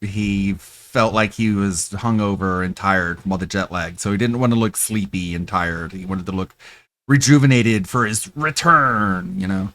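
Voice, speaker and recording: Low-voiced halting co-host man. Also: fairly bright tone. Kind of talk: casual commentary chat.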